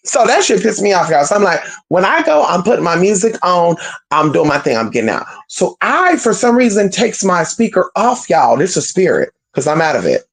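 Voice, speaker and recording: Animated, profane spiritual vlogger. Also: medium pitch, fairly quick, creaky, husky. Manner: animated, profane, slangy, addresses viewers as "y'all". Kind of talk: casual storytelling to viewers.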